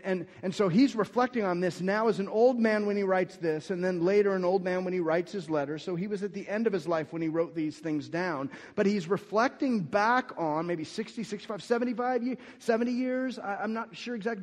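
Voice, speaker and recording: Guy preaching a sermon, goes soft then really loud and emphatic, big echoey hall. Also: high-pitched. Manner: swings between soft scripture reading and loud emphatic preaching. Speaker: pastor. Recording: long hall reverb.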